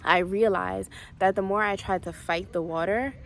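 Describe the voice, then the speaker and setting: A woman's voice: mid-range voice, fairly even intonation, moderate pace, creaky, a bit bright, a little hiss or hum. A woman vlogging about her travels, telling a personal story candidly with lots of casual fillers.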